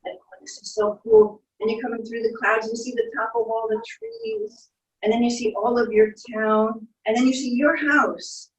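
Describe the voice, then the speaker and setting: A woman leading children through a guided imagination story, in a soft, playful storytelling way with little sound effects. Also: a little high, animated, normal speed. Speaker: instructor leading a guided visualization. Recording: echoey room, distant from mic.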